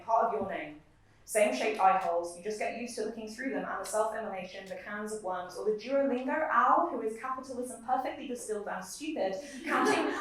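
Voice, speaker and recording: A young woman poet giving a live reading, moving between measured recitation and chatty asides between poems. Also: mid-range voice. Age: young adult. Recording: very echoey room, mic far off.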